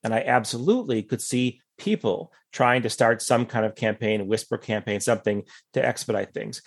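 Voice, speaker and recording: A man giving conversational political analysis as a guest, thoughtful and measured, hedging his points with asides. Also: fairly low pitch, vocal fry.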